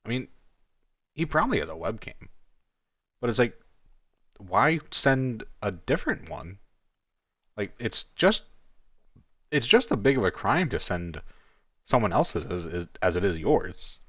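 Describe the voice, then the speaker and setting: A man's voice: fairly low pitch, big pitch swings, a little slow, pauses often, a bit bright, dry recording, muffled recording. A man giving casual commentary on a chat log, mocking and incredulous, and swearing freely.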